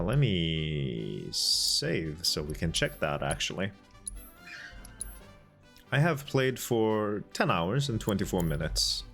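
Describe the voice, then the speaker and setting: Unhurried low-voiced male streamer. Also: a bit bright. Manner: laid-back, rambling, with frequent ums and uhs. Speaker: game streamer. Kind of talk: casual gameplay commentary.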